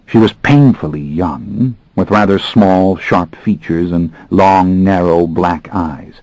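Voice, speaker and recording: A man narrating an audiobook in the first person, with a brooding, measured delivery and expressive pacing. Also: deep voice, dry recording, poor audio.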